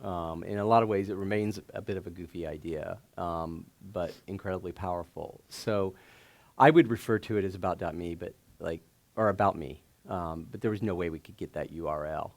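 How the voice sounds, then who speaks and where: A man telling stories onstage as a guest at a live event, animated and laughing often, with lots of fillers and restarts. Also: sits low, fairly quick. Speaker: startup founder and guest. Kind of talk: casual onstage storytelling. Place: stage before a live audience.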